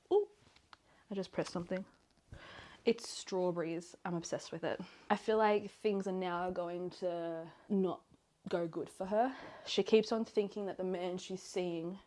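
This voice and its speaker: Congested, nasal young woman rambling excitedly. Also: on the low side. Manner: rambling, excitable, with self-corrections. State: congested from illness. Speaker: book vlogger. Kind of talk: casual reading vlog chat.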